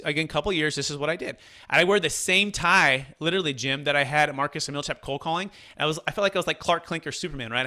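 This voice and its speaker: A man in his thirties from Northern California, a commercial real estate broker telling his life story in an energetic, conversational way. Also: on the high side. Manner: energetic, repeats words when restarting.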